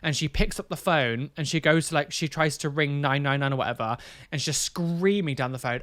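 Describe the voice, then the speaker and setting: A young man telling a painful personal story to camera, candid and emotional, halting with fillers. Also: fairly high pitch, a bit bright, no room sound, studio quality. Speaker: vlogger.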